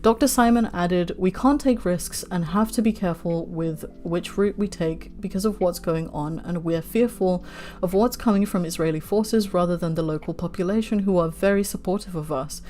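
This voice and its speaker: A woman's voice: lowish voice, moderate pace, dark tone. A woman reading news articles aloud, breaking off into heated, sweary asides as she holds back tears.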